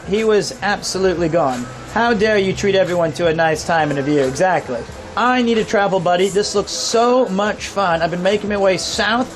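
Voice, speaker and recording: Excitable streamer man from Kansas. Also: sits high, a little hiss or hum. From Kansas, USA. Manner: excitable, swears freely, animated storyteller. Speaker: IRL streamer. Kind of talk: casual live stream storytelling. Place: outdoors on a town street by a pub.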